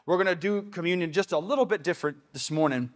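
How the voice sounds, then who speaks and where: A quick-paced young adult man whose voice sits high gives a casual sermon as pastor in a church sanctuary. He keeps it conversational and breaks into quoted asides.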